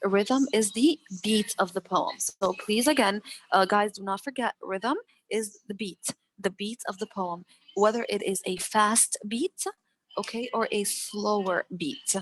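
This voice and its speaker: A woman's voice: mid-range voice, a little slow. A woman teaching an online English lesson over a video call, repeating points and checking in with "okay" after nearly every phrase. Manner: repetitive, explanatory, fills with "okay".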